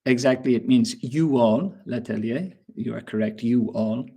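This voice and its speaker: A man with an Irish accent teaching English in a webinar, explaining words slowly and patiently with examples. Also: mid-range voice, dark tone, breathy edge. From Ireland. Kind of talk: webinar lesson.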